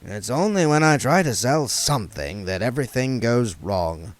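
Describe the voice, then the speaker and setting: A man voicing a shifty, mournful middle-aged hustler who talks slowly in a low mumble, reading a storybook. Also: animated, no room sound, close to an everyday voice. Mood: wheedling.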